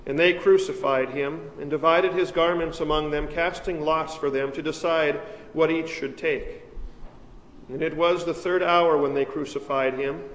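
A man reading the Gospel aloud at a church service, in a measured, solemn cadence. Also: fairly high pitch. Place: large church. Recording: echoey church, reverb from far.

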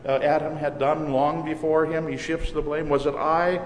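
A man with a fairly high voice preaches a sermon, earnest and measured, slowing on the words that matter. He sounds as if he is in a church, with a long, roomy reverb behind him. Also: little pitch movement, darkish tone, slight background noise. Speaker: pastor.

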